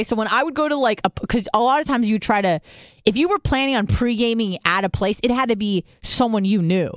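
A woman's voice: medium pitch, no room sound, studio quality. A young American woman from San Diego, a podcast host telling stories in casual chat, swearing often and mimicking other people's voices. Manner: chatty storytelling, swears a lot, mimics voices.

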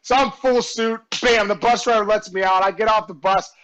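A man being interviewed, telling a story with animated energy, shouting out the punchlines, acting out other people's voices, and laughing often. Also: high voice, normal speed, low-quality recording. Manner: lively, acts out quoted voices and shouts punchlines; laughs often, warm and effusive. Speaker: guest, former baseball player. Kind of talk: animated storytelling in casual chat.

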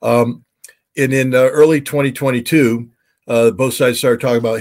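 A man who was once a weapons inspector gives expert commentary as an interview guest, halting with many fillers and lively when he quotes others. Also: medium pitch.

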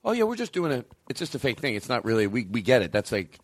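A man's voice: medium pitch, big pitch swings, fast talker, no room sound. A man hosting a casual comedy podcast, playful and laughing as he rambles. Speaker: podcast host.

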